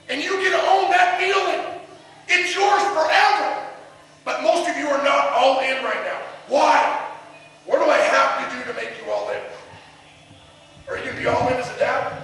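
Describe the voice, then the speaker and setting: Middle-aged man, football coach firing questions at his team; high, sharp voice in a roomy hall far from the mic. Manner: intense, preaching, repeated challenging questions. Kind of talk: motivational team speech. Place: large echoey room with the team. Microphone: far camera. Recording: echoey hall recorded from far off.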